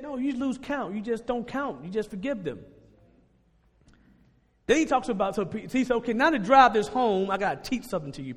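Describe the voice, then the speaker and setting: Animated preacher man in a reverberant hall. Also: sits high. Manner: animated, conversational, laughs and shouts at peaks. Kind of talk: sermon.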